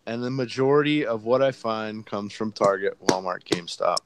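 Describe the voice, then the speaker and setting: A man's voice: lowish voice, normal speed, noisy background. A man on a casual collectors' podcast who makes frank, short remarks. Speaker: podcast panelist. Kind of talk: casual panel chat.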